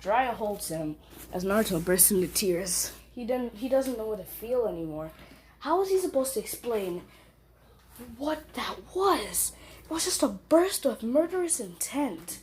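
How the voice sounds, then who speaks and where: A woman's voice: a little high, sing-song, a little slow, a little mellow, slight background noise. A young woman casually retelling a fan story, rambling, self-correcting and full of fillers.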